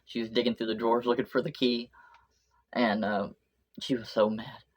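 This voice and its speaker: A woman's voice: very deep voice, level tone, moderate pace, darkish tone, breathy edge, highs cut off. A woman vlogger telling a story in a chatty, rambling video diary.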